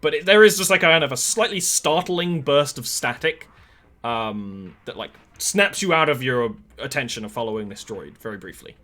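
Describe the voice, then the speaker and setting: A man's voice: mid-range voice, animated, moderate pace, sharp tone. A man running a tabletop game as game master, describing scenes in a rambling way with many fillers.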